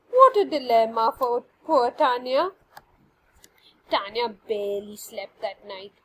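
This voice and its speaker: A woman reading a children's story aloud in an expressive, animated way. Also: high voice, a little hiss or hum, rough recording.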